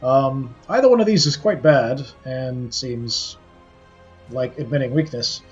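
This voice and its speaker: A man's voice: medium pitch, measured pace. A man commenting on a game playthrough, reading its text aloud and making offhand remarks. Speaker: gaming streamer. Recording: slightly muffled, with game music.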